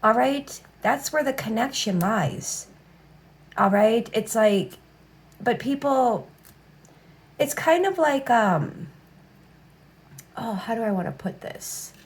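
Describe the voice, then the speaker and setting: Speaking slowly with long pauses, this woman's high, expressive voice carries a casual tarot reading. She doesn't mince words, curses plenty, and repeats "all right" over and over.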